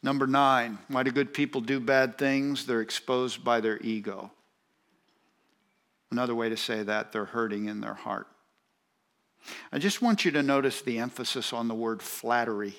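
A man's voice: mid-range voice, measured pace, fairly bright tone. A man preaching a sermon, emphatic and repetitive, speaking straight to the congregation. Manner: speaks directly to congregation, asides to audience.

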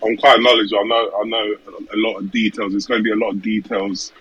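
A man's voice: fairly low pitch, flat delivery, fast, fairly bright tone, husky, low-quality recording. A British man chatting casually as a podcast guest, repeating words and laughing easily. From United Kingdom. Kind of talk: casual chat.

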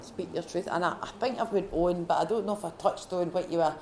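A Scottish woman at a faith retreat, sharing her personal testimony in a heartfelt, halting way with many restarts. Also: fairly low pitch, darkish tone, slight background noise. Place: retreat gathering room.

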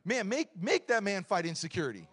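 A middle-aged man preaching a lively, joking sermon in a church, swinging between loud points and quiet asides. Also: high voice, fairly quick, husky. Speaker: pastor.

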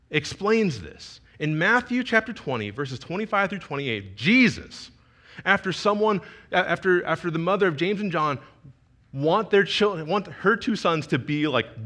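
Young guy youth pastor preaching, chatty and heartfelt, kinda high voice. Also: a bit bright. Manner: conversational, emotional storytelling with restarts. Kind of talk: sermon with personal story.

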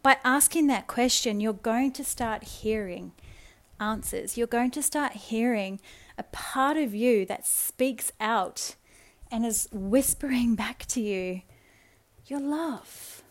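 A woman hosting a spiritual self-help podcast, speaking in a soft, earnest, coaxing way and slowing down for affirmations. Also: fairly high pitch. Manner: addresses listener affectionately. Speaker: podcast host.

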